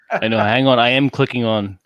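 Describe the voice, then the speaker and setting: A man hosting a casual podcast, chatty and quick to laugh. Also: medium pitch, fairly even intonation, a bit bright, no echo. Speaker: podcast host.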